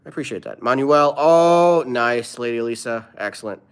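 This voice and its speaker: A man's voice: medium pitch, animated, moderate pace, smooth. A man who is a comedian, live streaming and answering his viewers' chat in an earnest, opinionated way.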